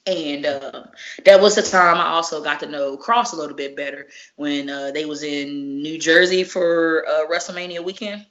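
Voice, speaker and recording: A woman, a professional wrestler, telling stories in a casual interview, animated and profane, acting out each exchange. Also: low-pitched, normal speed. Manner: animated, profane, acts out dialogue. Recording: muffled lo-fi recording.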